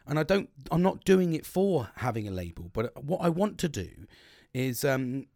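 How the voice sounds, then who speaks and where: A man rambling through a casual podcast monologue, swearing freely and restarting his sentences. His pitch sits in an ordinary middle range. The sound is close and dry, with no room around it. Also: big pitch swings, moderate pace, vocal fry, darkish tone, no room sound. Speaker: podcast host.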